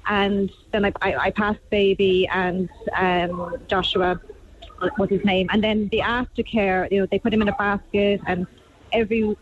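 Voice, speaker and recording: A woman calling in to a radio show tells her story in a halting, heartfelt way. Her voice comes through a dull, muffled phone line at a middling pitch. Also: flat delivery, a little hiss or hum. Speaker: caller.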